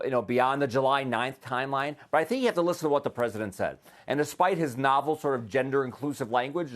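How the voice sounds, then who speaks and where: An American man, an economic policy analyst, answering questions in a live TV news interview with frequent restarts and fillers. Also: medium pitch. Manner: hesitant, many restarts and fillers.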